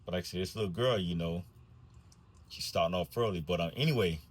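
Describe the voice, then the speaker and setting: A man with a low, husky voice spins a comic storytime about his days behind the wheel of a school bus. He drawls his lines with wry, deadpan timing. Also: brisk.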